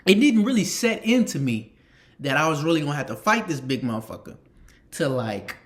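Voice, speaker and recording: A young man casually telling a story, animated and slangy, repeating phrases for emphasis and swearing freely. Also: a little high, a little fast. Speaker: storytime vlogger.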